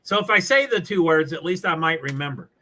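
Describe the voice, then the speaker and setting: A chatty man from New England talks off the cuff on his livestream, wandering between thoughts and laughing often. His voice sits high for a man, with a bright, forward edge. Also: animated, brisk, low-quality recording. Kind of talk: casual live commentary while watching a race.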